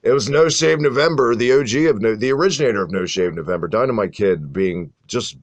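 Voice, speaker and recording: A man's voice: mid-range voice, expressive, a little fast, no room sound. A man co-hosting a podcast, chatting casually and animatedly about an old wrestling event, swearing freely and rattling off long lists of names. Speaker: podcast co-host. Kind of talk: casual wrestling review chat.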